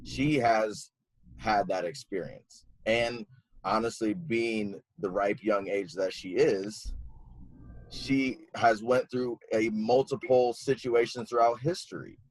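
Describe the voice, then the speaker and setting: A man's voice: on the low side, takes it slowly, no echo, low-quality recording. A man in his twenties speaking earnestly and supportively in a discussion over a video call. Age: 20s. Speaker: community discussion participant. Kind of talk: casual discussion.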